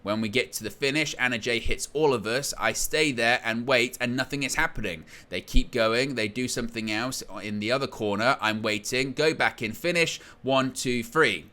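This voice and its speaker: A man hosting a wrestling news show, reading out quotes from an interview with a lively storytelling delivery. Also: medium pitch, normal speed, hardly any pauses.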